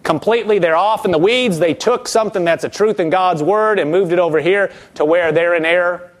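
High-voiced man preaching a sermon. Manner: animated, acts out quoted voices, reads scripture slowly.

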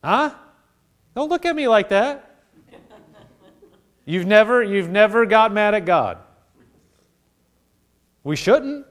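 A male pastor preaching a sermon in a conversational way, acting out little dialogues and dropping to hushed intensity. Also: high-pitched, takes it slowly, pauses often. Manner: animated preaching, acts out voices of God and people.

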